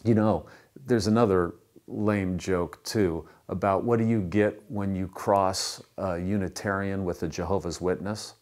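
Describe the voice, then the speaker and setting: A man's voice: low voice, steady tone, unhurried, a little mellow. A male pastor giving a conversational sermon that mixes in jokes.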